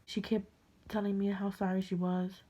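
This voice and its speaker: A woman in her early twenties, tearful and halting, often dropping to a whisper as she tells a personal story to camera. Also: medium pitch, level tone, dark tone. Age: early 20s. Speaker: vlogger.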